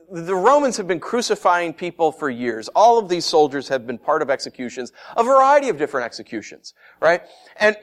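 Animated male pastor preaching. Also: sits high. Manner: animated, acts out mocking voices, laughs often. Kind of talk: sermon.

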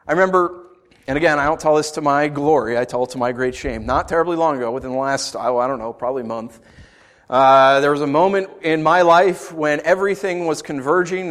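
A man in his thirties preaches to his congregation, his voice sitting high for a man. He tells stories animatedly, firing rhetorical questions and breaking into sudden shouts. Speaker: pastor. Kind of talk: sermon.

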